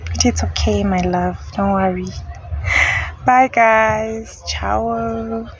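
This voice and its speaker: A young woman with a Zimbabwean accent narrating her own vlog, excitable and switching between Shona and English. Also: a little high, drawn-out words, a little hiss or hum, poor audio. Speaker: vlogger.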